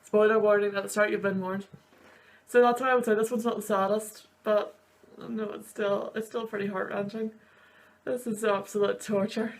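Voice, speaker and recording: A female university student in her twenties, who hosts videos, reacts to sad film scenes with rambling, emotional commentary. Her medium-pitched voice stays fairly level in pitch and moves at a moderate pace. She gushes, wanders off track, and sniffles through the sad parts.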